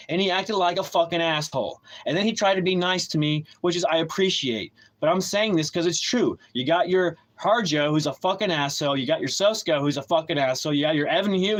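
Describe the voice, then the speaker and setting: A man with a somewhat higher voice rants on his livestream, heated and bitter. He swears constantly and circles back over his points with stumbles and restarts. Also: a bit bright, low-quality recording. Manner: heated, profane, rambling with many restarts; bitter and aggrieved. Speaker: livestream host. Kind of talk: ranting livestream monologue.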